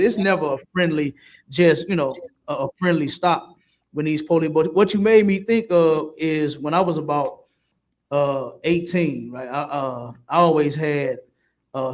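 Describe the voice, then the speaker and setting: Animated high-voiced man telling stories. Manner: animated storytelling with street slang. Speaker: podcast co-host. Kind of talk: casual chat.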